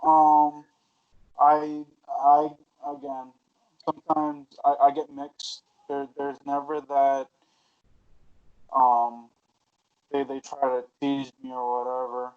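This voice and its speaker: A man co-hosting a podcast in casual chat, soft-spoken and halting with fillers. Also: medium pitch, completely flat delivery. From Hispanic family. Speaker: podcast co-host. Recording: dull lo-fi sound.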